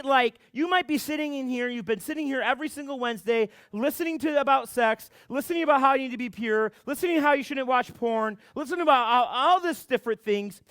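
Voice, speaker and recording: A young man gives a youth group talk as a pastor, his voice sitting high for a man. He tells stories in an animated way, with plenty of fillers and restarts. The sound is dry, with almost no room echo. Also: smooth. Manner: animated storytelling with many fillers.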